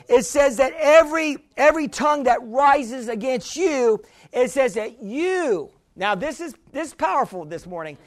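A man with a very high voice delivers an emphatic sermon, urging and questioning his listeners. The sound is dry and close, with no room around it. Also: no echo. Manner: preachy, emphatic, call-and-response. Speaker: pastor.

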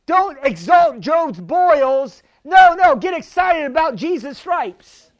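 Very animated yet slow, a male pastor with a very high voice preaches on healing. He often shouts with fervor and calls out for the congregation to answer him.

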